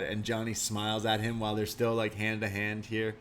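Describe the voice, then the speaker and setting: A man's voice: fairly low pitch, little pitch movement, fairly quick, a bit bright, a little hiss or hum. A man co-hosting a podcast in casual chat, talking loosely with lots of fillers and easy laughs. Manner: chatty, laughs easily, many "like" fillers. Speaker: podcast co-host.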